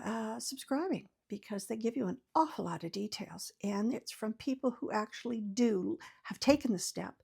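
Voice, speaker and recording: A woman's voice: fairly high pitch, vocal fry, darkish tone, husky. An older woman, host of her own channel, giving casual, folksy advice to camera with many fillers and restarts.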